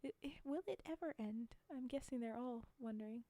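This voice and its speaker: A woman's voice: a little high, a little fast, warm tone, no echo. A woman reading fairy tales aloud on a live stream, breaking off for chatty, laughing asides to her chat. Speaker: storyteller streamer.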